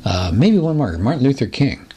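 A man's voice: medium pitch, very animated, normal speed, dark tone, slight background noise. A man teaching a recorded Bible lesson, explaining patterns and reading scripture aloud, often asking his listeners rhetorical questions.

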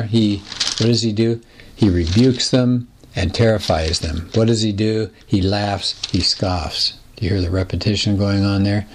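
A man's voice: on the low side, a little hiss or hum. A man teaching a recorded Bible lesson, explaining patterns and reading scripture aloud, often asking his listeners rhetorical questions.

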